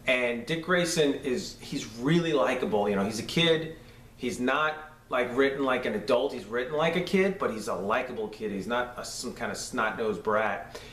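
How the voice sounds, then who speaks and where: An enthusiastic man with a New York accent talks loosely as a podcast host, piling on fillers and restarts. His mid-pitched voice sits back from the microphone in a roomy, echoing space. A faint hiss runs underneath. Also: moderate pace, a bit bright, distant mic. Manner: enthusiastic, rambling with many fillers. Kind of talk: casual episode review. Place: room shared with a co-host. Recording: roomy echo, off-mic, faint noise.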